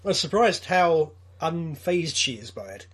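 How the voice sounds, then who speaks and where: Male co-host, husky, higher-pitched, wry, laid-back commentary. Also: expressive, moderate pace. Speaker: podcast co-host. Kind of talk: casual commentary chat.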